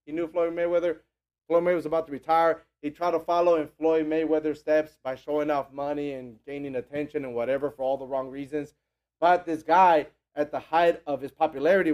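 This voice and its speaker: Guy preaching a sermon, kinda high voice, chatty and animated, lots of "you know". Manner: animated, conversational, acts out quotes.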